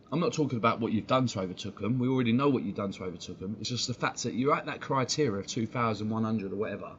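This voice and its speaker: A man's voice: mid-range voice, muffled recording, a little hiss or hum. A man, talking on a live stream in a blunt, slangy way and swearing freely. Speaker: football fan streamer.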